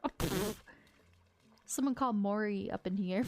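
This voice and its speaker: A woman's voice: mid-range voice, measured pace, long pauses, a little mellow, faint music behind. A woman giving casual gameplay commentary, emotive and jokey, laughing often and swearing freely. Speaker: let's-play gamer.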